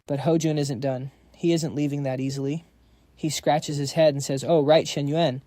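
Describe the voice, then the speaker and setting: A man narrates a comic recap in slangy, brisk storytelling. His voice is slightly high and mellow. It sounds close-miked and dry. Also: fairly even intonation, dry recording.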